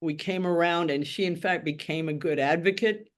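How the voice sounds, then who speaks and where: Speaking at normal speed in a fairly low voice, an older Tennessee woman gives candid personal storytelling in an oral history interview. She's frank and wry about her life and mimics the people she quotes.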